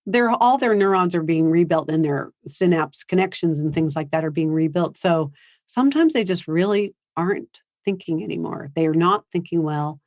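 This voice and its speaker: A woman's voice: on the low side, lively intonation, moderate pace, darkish tone, no room sound. Chatty woman giving a parenting seminar, dry sound. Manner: conversational, acts out quotes of teens and parents. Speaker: parenting speaker. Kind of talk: seminar talk. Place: high school seminar.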